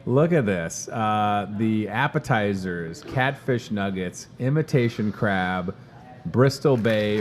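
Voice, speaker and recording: An upbeat man hosts an in-store promo segment from a supermarket, his pitch sitting in an ordinary middle range. He talks in a chatty, salesy way, pushing deals and bantering with the crew.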